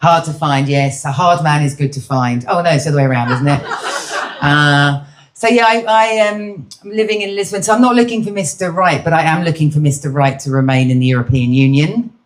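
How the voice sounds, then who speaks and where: British woman, stand-up comic, low voice, teasing crowd work, middle-aged. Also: brisk. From Britain. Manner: cheeky, chatty, teasing the audience. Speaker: stand-up comedian. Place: comedy venue with live audience.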